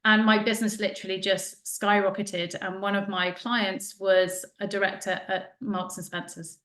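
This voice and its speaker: A woman's voice: medium pitch, normal speed. Chatty woman in a roomy space. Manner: chatty, animated, acts out quoted dialogue. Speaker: podcast guest, joy coach. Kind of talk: casual interview storytelling. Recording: roomy echo.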